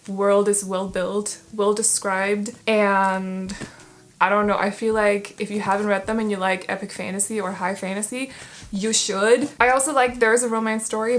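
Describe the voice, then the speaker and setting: A young woman chatting casually on her channel about books she read, rambling, laughing often and correcting herself as she goes. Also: medium pitch. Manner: rambling, giggly, self-correcting. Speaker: book vlogger. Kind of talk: casual book review chat.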